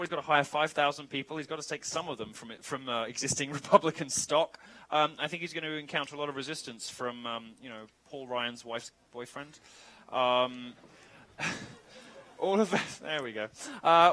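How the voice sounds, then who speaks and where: A man speaking at a campus event, his voice bright and forceful. He answers audience questions in a sardonic, joking way, with provocative asides. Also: fairly high pitch, poor audio. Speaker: guest speaker.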